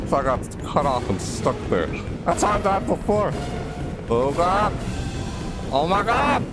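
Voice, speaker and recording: A horror-game player talks slowly between scares, then leaps into sudden high shrieks, with the pitch swinging wildly all the time. Cries of alarm come again and again in a nervous, jumpy flow. Loud, tense game music plays under the voice throughout. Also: very animated. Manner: panicky, yelps and shrieks, repeats "oh my god". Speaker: gaming channel host. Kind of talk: horror game let's play commentary.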